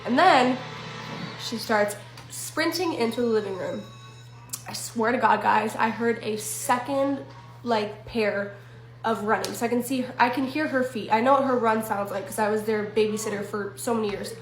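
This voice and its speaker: A young woman tells a creepy story from her own life in a casual storytime, talking into her phone. Her voice sits a little high and bounces around a roomy, echoey space. She swears freely and keeps turning to the viewers. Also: normal speed, faint music behind. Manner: chatty, swearing, asides to viewers. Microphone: phone selfie video. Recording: echoey room.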